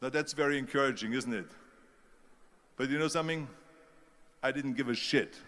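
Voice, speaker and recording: A man's voice: mid-range voice, normal speed, a bit bright, long reverb tail. A man with a German accent giving an emphatic motivational speech, telling stories with force. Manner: emphatic storytelling. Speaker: speaker.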